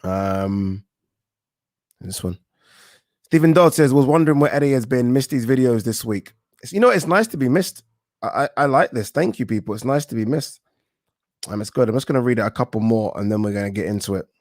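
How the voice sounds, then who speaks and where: A man's voice: medium pitch, lively intonation, fairly quick, darkish tone, no room sound, studio quality. A man hosting a boxing channel, chatting casually and joking as he reads out viewer comments. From England. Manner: laid-back, joking, swears casually. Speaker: boxing YouTube host.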